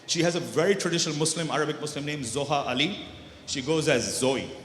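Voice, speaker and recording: A man's voice: on the high side, quick pace, a bit bright, a little hiss or hum. A man in his thirties doing stand-up comedy in a large banquet hall, chatty and teasing the crowd, laughing at his own jokes.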